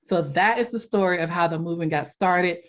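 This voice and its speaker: Woman on a podcast, animated storyteller, laughs a lot, kinda dull lo-fi sound. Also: on the low side, a little fast. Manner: animated, laughs often, acts out quotes. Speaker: podcast guest, life coach. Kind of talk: casual interview storytelling.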